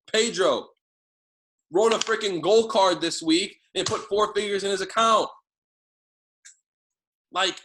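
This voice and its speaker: Excited man giving a sales pep talk. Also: a little high, rough recording. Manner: excited, rapid-fire, swears casually. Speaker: team leader giving sales training. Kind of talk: motivational training talk.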